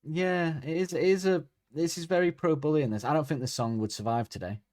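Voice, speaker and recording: A man's voice: a little high, brisk, no room sound, clean studio sound. A man, co-hosting a podcast and chatting casually, joking and acting out quotes. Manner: animated, jokey, acts out quotes. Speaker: podcast co-host. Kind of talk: casual comedic chat.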